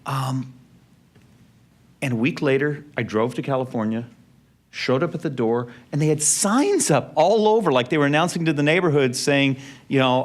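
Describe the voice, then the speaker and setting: A middle-aged speaker with a mid-range voice addresses an event venue at a normal pace. He shares a family story in anecdotal fashion, softening and lowering his voice when it turns emotional.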